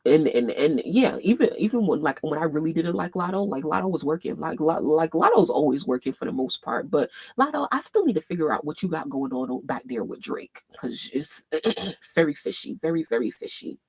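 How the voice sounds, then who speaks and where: A woman hosting a casual fan livestream, thinking aloud as she scrolls and reads posts, swearing freely and bursting into loud laughs. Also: low-pitched, big pitch swings, fairly quick, husky, dry recording. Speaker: livestream host.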